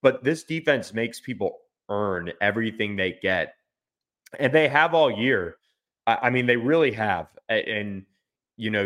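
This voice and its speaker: A man's voice: fairly low pitch, a bit bright. A man, a sports reporter guesting on a podcast, giving casual unscripted analysis while thinking aloud, with frequent restarts and fillers.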